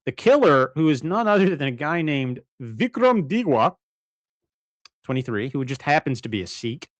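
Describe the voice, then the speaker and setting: A man co-hosts a casual livestream from his bedroom, his voice on the high side and sing-song at a moderate pace. He rambles, restarts often, corrects himself, and laughs a lot. There's no room sound.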